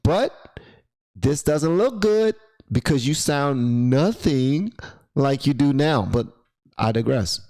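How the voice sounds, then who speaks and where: A man's voice: medium pitch, animated, slow, mellow. A man hosting a reaction video, chatting casually and playfully, sometimes slipping into a rhyming preacher cadence.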